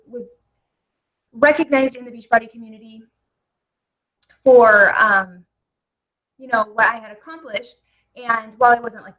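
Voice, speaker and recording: A woman's voice: a little high, bright, forceful tone, rough recording. A young woman with a headset microphone, giving a live, chatty webinar presentation with many fillers. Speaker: network marketing presenter.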